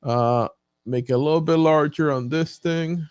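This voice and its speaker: A man's voice: fairly high pitch, normal speed, a little mellow, smooth, dry recording, clean studio sound. A man giving a casual live training, thinking aloud with frequent fillers as he walks through examples on his screen. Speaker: YouTube coach.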